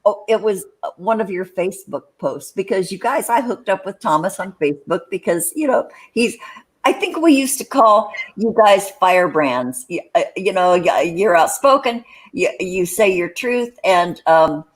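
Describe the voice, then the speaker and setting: An older American woman hosts a casual talk show. She rambles and hesitates, filling her sentences with fillers. Her voice sits at a middling pitch. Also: expressive, moderate pace, low-quality recording. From United States. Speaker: host. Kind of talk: casual chat.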